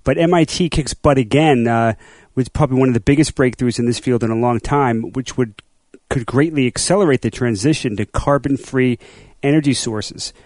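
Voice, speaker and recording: A man's voice: mid-range voice, moderate pace, a little mellow, no echo. A man co-hosting a casual podcast, talking enthusiastically and rambling, with frequent restarts. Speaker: podcast co-host. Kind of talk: casual chat.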